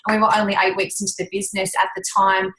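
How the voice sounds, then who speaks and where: A woman sharing her experience on a team call. Her delivery is chatty and earnest, and she keeps gently persuading the listeners. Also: medium pitch, completely flat delivery, rapid-fire, rough recording. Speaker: team member. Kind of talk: motivational testimony.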